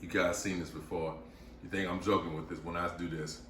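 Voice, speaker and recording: Low-voiced guy doing a home cooking vlog, gets all worked up and chatty, echoey kitchen with a bit of hiss. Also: a little fast. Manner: excitable, enthusiastic and chatty. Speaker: cooking channel host. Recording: echoey room with faint noise.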